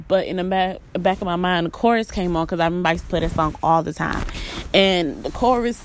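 A woman's voice: lowish voice, dry recording. A young woman in a casual confessional chat. She talks candidly and rawly, swears freely, and leans on filler words. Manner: sings snatches of songs between talking. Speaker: vlogger.

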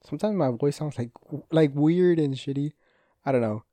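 Young man, podcast host, rambling, profane, mellow voice, dry close sound. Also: a little high, normal speed, dry recording. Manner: rambling, frequent swearing, self-interrupting. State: injured hand, restless. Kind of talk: casual solo podcast monologue.

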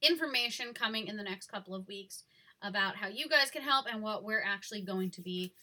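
A young woman co-hosting a casual podcast, chatty and rambling, quick to laugh. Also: mid-range voice, pushed and bright. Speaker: podcast co-host. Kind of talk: casual chat.

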